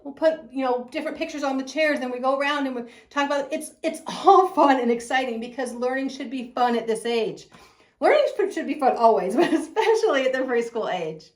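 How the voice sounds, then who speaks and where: Gushing, high-voiced preschool teacher woman. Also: echoey room. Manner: effusive, gushing, laughs often. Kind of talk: enthusiastic promotional talk.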